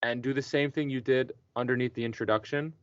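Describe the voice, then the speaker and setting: A man's voice: medium pitch, steady tone, brisk, a bit bright, no room sound. Man tutoring one student, patient and encouraging, keeps checking in, dry muffled sound. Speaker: teacher. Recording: dull dry lo-fi recording.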